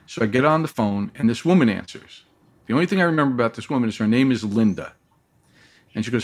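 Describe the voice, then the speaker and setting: A man telling a long personal story as a guest in an interview, lively and acting out the voices of the people he quotes. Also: fairly low pitch, fast.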